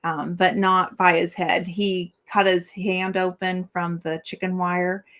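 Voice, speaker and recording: A woman's voice: fairly low pitch, flat delivery, takes it slowly, fairly bright tone. A middle-aged woman hosting a casual live-stream chat, rambling and chatty with many fillers as she talks to viewers.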